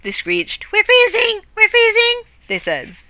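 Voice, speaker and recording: A woman's voice: huge pitch swings, measured pace, pushed and bright, dry recording, heavily acted. A woman voicing two black cats that screech that they are freezing. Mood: whiny. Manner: high screechy squeal.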